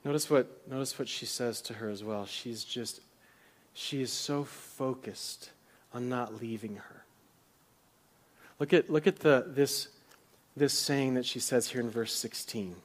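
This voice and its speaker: A man preaching a sermon as pastor, retelling biblical characters' words with rising drama and sometimes dropping to a soft whisper. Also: medium pitch, measured pace. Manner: drops to a soft whisper at tender moments. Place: church.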